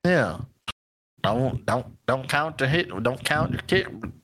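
A man's voice: medium pitch, animated, takes it slowly, fairly bright tone. A man in his twenties co-hosting a casual podcast chat about sayings, joking around and stumbling over his words. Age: 20s. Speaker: podcast co-host.

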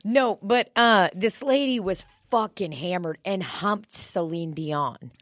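A young woman in casual chat on a podcast, telling an animated story and swearing freely. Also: medium pitch, takes it slowly, no echo, studio quality.

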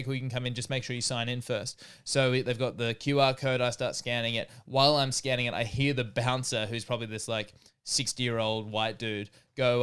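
A man's voice: mid-range voice, a bit bright, clear, resonant tone. A man from Australia co-hosting a podcast, telling rambling anecdotes full of restarts in casual chat. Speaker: podcast co-host.

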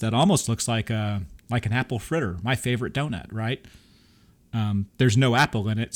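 An enthusiastic man in casual conversation, co-hosting a food podcast. His voice sits at an ordinary middle pitch, and he talks in an easy, chatty way with frequent laughs. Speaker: podcast co-host. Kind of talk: casual chat.

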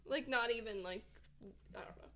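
A woman's voice: fairly high pitch, moderate pace, a bit bright, slight background noise. A young woman co-hosting a casual podcast, chatty and giggly, often trailing off mid-sentence. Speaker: podcast co-host. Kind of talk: casual chat.

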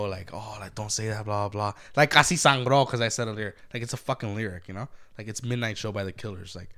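A man's voice: lowish voice, sharp tone, smooth. A man with a cold, rambling through stories in a casual podcast chat, swearing freely and laughing often. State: congested from a cold. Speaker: podcast co-host.

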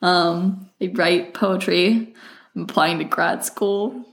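A woman's voice: on the low side, steady tone, slow. A woman in her twenties co-hosting a casual podcast, teasing and laughing often. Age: 20s. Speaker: podcast co-host. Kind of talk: casual chat. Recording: roomy echo.

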